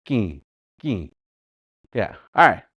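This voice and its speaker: A man with a Canadian Dakota community accent, teaching a live online language class in a relaxed, conversational way, repeating example words and going off on friendly asides. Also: lowish voice, slow pace, husky, no room sound, lo-fi sound. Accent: Canadian Dakota community English.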